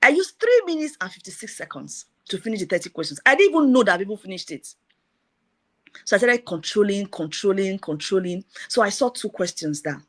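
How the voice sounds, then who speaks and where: A middle-aged woman giving a personal testimony, retelling events in a lively way with repeated phrases. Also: mid-range voice, brisk.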